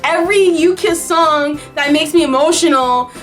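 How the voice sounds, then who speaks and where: A young woman vlogger telling a story to camera in a casual, excitable way, breaking into high squeals as she retells it. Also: normal speed, soft background music.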